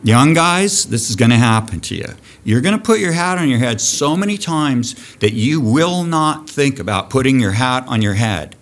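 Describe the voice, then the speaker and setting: A man in his fifties, a diving program director, telling a dive story on a podcast guest spot, animated and profane. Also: mid-range voice, normal speed, few pauses. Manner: animated, profane storyteller who acts out shouting.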